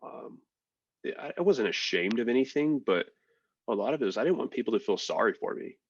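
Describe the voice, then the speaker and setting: A man, a military veteran and podcast guest, telling his story in a relaxed, frank way with fillers and swearing. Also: mid-range voice, a little fast, breathy edge, no room sound, dull audio. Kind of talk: casual storytelling.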